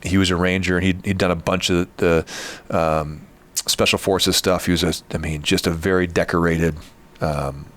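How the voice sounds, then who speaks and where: Very deep-voiced man telling a story. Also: steady tone, normal speed, fairly bright tone. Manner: earnest, rambling, with frequent restarts. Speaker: podcast host. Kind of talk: casual storytelling chat.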